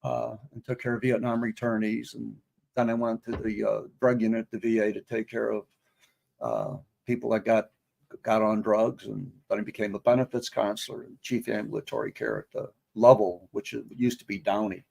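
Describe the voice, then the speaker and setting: An older man with a gravelly, creaky voice, recalling his past in a relaxed interview. He rambles from one memory to the next at an easy, conversational pace. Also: on the low side, normal speed. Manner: rambling storyteller. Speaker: guest, veteran. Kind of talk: casual interview.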